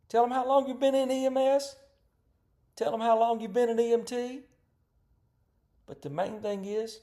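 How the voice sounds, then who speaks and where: A man's voice: extremely high pitch, measured pace, pauses often, warm tone. Folksy man teaching. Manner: folksy, conversational, rhetorical questions. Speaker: EMS instructor. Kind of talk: informal training talk.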